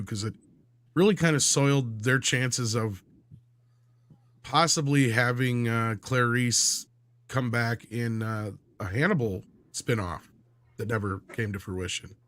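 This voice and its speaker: A man's voice: fairly bright tone, no echo. Rambling man on a casual livestream. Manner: rambling, filler-heavy, trails off low. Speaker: livestream co-host. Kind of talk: casual entertainment-news chat.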